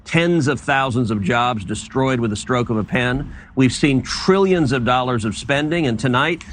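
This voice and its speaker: A man's voice: mid-range voice, moderate pace, fairly bright tone, a little hiss or hum. A man making a political argument in an emphatic, repetitive way during a TV interview. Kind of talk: political talking points.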